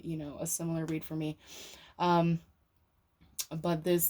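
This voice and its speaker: Low-voiced woman giving a rambling tarot reading. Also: a little mellow, slight background noise. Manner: rambling, filler-heavy, swears casually. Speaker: tarot reader. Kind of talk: casual tarot reading to camera.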